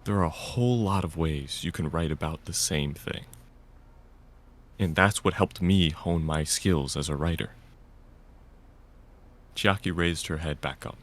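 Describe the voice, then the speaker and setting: Deep-voiced man narrating a story. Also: a little slow, long pauses. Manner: stern and lecturing in dialogue. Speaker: narrator and voice of the lead. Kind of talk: reading a visual novel aloud, first-person narration.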